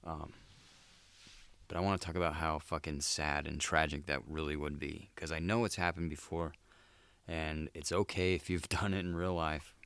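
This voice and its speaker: A man's voice: extremely low pitch, level tone, moderate pace, fairly bright tone, smooth, dry recording. A man hosting a solo comedic monologue, laid-back and crude, swearing often and calling listeners dude. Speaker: podcast host.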